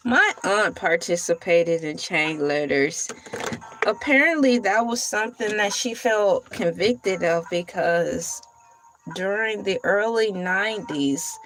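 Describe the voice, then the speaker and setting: A woman hosting a casual livestream, chatting with viewers and reading comments. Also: medium pitch. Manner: chatty, drawn-out, talks to viewers. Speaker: livestream host.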